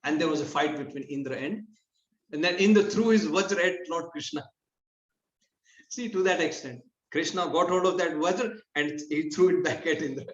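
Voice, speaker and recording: A man with a somewhat high voice tells a scripture story in an easygoing class style. He restarts his sentences often and slips into lively quoted voices. The sound is roomy and dull, like a lo-fi room recording. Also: normal speed. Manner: conversational, with frequent restarts and lively acted quotes.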